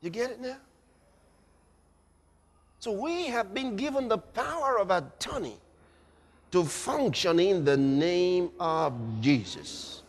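A man preaching a sermon dramatically, swinging from shouts to quiet and acting out scenes. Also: sits high, sing-song, slow pace, long pauses. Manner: dramatic, shouting at peaks then dropping quiet, acts out scenes. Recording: echoey hall.

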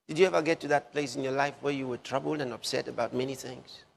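A man preaching a sermon, slow and repetitive, with emphatic rises on key phrases. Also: mid-range voice, steady tone, gravelly, a little hiss or hum. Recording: long hall reverb.

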